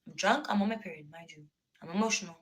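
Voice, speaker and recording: A young woman, a former reality show contestant, tells her story in a clip, animated and profane as she acts out the back-and-forth exchanges. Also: on the low side, fast talker, poor audio.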